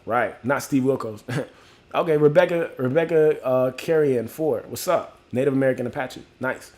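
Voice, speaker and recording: A man's voice: medium pitch, normal speed, a little mellow. A male live streamer chats loosely with his audience and keeps dropping "you know what I'm saying." He talks straight to viewers, reads out their comments and names, and moves from musing to pep talk. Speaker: livestream host. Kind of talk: casual live-stream chat.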